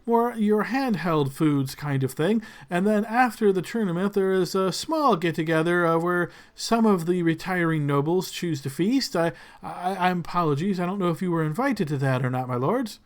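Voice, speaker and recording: A jittery, fawning male servant who stumbles over his words and bows to every lord, as a man puts him on. His voice sits a little high and keeps tripping on apologies in a tabletop game scene. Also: lively intonation, normal speed, few pauses. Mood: flustered. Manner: stammering, overly polite, apologetic.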